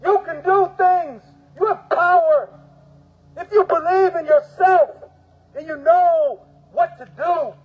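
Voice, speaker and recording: A man speaking as a union steward, giving an impassioned protest speech, fiery and preachy, repeating phrases and often shouting. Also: extremely high pitch, takes it slowly. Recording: tinny phone-like audio.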